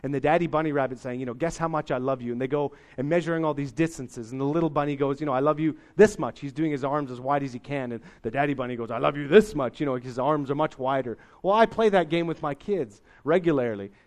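A man's voice: mid-range voice, quick pace, few pauses. A middle-aged man preaching a sermon as pastor, in a folksy, conversational way with homely sayings.

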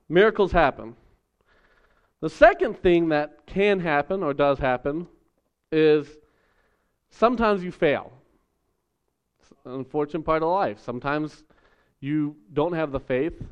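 A man preaching a casual, story-driven sermon with a smooth, resonant voice that sits a bit high for a man. The recording is dull and lo-fi. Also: a little slow, long pauses. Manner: conversational, animated storytelling with acted voices. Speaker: pastor.

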